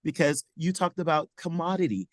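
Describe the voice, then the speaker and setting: A man's voice: a little high, a little fast, dry recording, low-quality recording. Thoughtful man on a dry call. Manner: thoughtful, searching for words. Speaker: teacher participant. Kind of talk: reflective discussion remarks.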